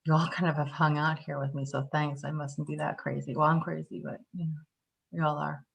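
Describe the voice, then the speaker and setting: A woman from the Northeastern US teaching a live online tapping workshop, chatty and animated, acting out little scenes as she explains. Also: low voice, a little fast, vocal fry, slightly rough.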